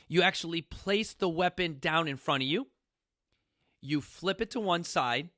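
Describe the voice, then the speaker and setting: A man hosting a casual talk for a studio audience, animated, often calling out "you guys" and acting out quotes. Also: a little high, no echo. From New York City. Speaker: fitness coach hosting a talk.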